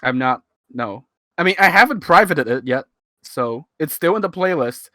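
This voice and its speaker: A man's voice: fairly high pitch, expressive, moderate pace, sharp tone, no room sound, clean studio sound. A man in his twenties from Hong Kong with a half-American Hong Kong English accent. He rambles and chuckles through casual commentary into a cheap USB mic. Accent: Hong Kong English, partly American-leaning. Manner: rambling, chuckling, self-mocking. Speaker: streamer commenting on his old video. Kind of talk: casual live-stream commentary. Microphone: cheap USB microphone.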